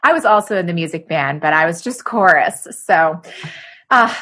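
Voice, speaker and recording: A woman's voice: fairly low pitch, expressive, normal speed, a bit bright. A woman guesting on a podcast, chatting in a wry, casual way. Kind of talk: casual group podcast chat.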